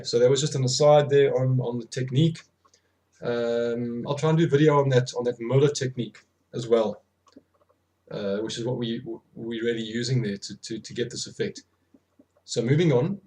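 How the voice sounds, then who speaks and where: A man's voice: medium pitch, darkish tone. A man teaching drumming, counting rhythms aloud and correcting himself as he goes, with many fillers. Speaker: drum tutor. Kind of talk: instructional demonstration.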